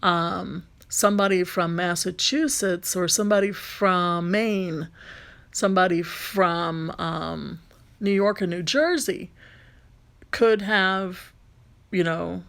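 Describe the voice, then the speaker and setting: A woman's voice: lowish voice, fairly even intonation, slow pace, vocal fry, fairly bright tone. A woman with a light Southern accent, a rideshare driver and vlogger, talking casually through a phone tutorial, rambling with frequent ums and restarts.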